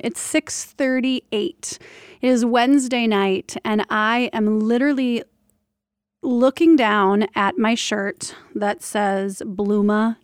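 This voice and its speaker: A woman, hosting a casual solo podcast, chatty and candid with quick restarts. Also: fairly high pitch, dry recording, studio quality. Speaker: podcast host and birth doula.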